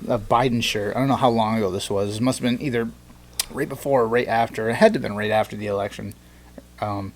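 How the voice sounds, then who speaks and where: A man hosting a casual podcast chat, telling loose stories with many fillers and restarts. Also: medium pitch. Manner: rambling, filler-heavy storytelling. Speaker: podcast host.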